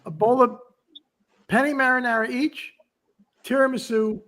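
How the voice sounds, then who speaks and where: A man in his sixties hosts a casual podcast chat with a rather high-pitched voice. He rambles through stories, restarting sentences and dropping asides as he goes. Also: steady tone, unhurried, a bit bright. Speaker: podcast host.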